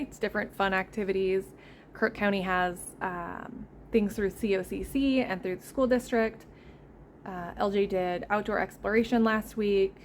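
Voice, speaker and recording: A woman's voice: mid-range voice, slight background noise. Woman homesteading vlogger, casual rambling chat, recorded indoors at home. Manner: chatty, easily sidetracked.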